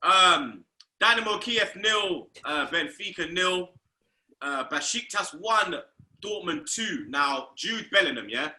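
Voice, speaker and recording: A loud, excitable man hosts a football chat, swearing freely as he goes. His voice is fairly high and very bright and sharp. The room gives it a clear echo. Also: takes it slowly. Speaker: host. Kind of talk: casual football banter.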